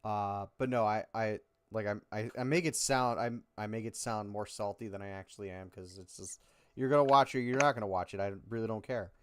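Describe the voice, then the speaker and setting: Rambling, clear-voiced male stream host. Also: steady tone, fairly quick. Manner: rambling, self-correcting, joking about low viewership. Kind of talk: casual chat.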